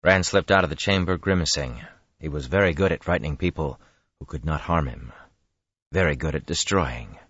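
A man reading a fantasy audiobook in a measured, grave manner. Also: extremely low pitch, a bit bright, slightly rough, no room sound, lo-fi sound. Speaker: audiobook narrator. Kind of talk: scripted fantasy narration.

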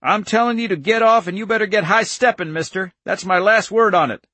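A man voicing a gruff, defiant older male farmer in an audiobook, loud and stubborn. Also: high-pitched, fairly quick, no room sound, voice pushed up.

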